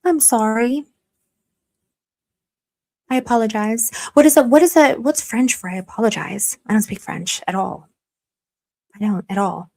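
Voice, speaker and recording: Young woman rambling on her live stream, chatty and a bit self-mocking, keeps reading chat out loud. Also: on the high side, unhurried, pauses often. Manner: chatty and self-deprecating, reads chat aloud, slips into mock stern warnings. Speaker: livestream commentary host.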